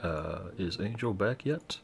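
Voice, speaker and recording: A man running a tabletop game as game master, chatting casually, then narrating scenes slowly and deliberately. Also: low-pitched, lively intonation, creaky, a little hiss or hum.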